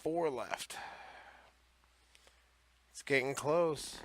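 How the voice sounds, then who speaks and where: A man's voice: medium pitch, drawn-out words, slight background noise. A man hosting a casual comedic commentary, rambling, sarcastic and profane as he reads out laws. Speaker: host of a comedy series on odd laws.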